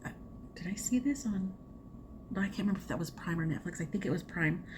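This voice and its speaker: A woman's voice: on the low side, fast, noisy background. A woman chatting casually about her knitting and what she watched, rambling with fillers and little laughs. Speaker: crafting vlogger. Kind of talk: casual chat.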